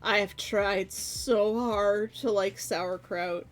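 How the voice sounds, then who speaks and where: A woman in her thirties chatting casually with her stream viewers, animated and laughing often. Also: medium pitch, slow.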